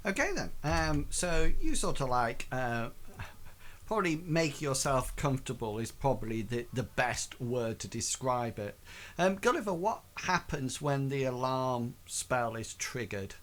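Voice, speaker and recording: Male game master, slow and meandering, mid-pitched, lots of pauses. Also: expressive, a bit bright. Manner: halting, filler-heavy narration. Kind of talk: narrating a tabletop game.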